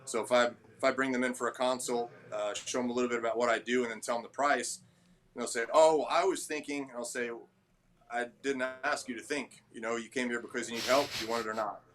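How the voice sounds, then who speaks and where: A man who owns a gym talks in a casual interview. His voice sits at a middle pitch, and his manner is blunt and a little abrasive as he acts out people's lines in stories. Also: fairly even intonation, fast talker, a bit bright. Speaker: gym owner and trainer.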